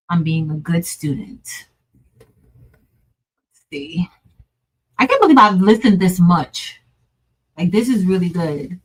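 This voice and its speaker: A woman's voice: fairly low pitch, poor audio. A woman hosting a crafting livestream, chatting casually and muttering to herself as she works, with frequent laughs. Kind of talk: casual think-aloud crafting stream.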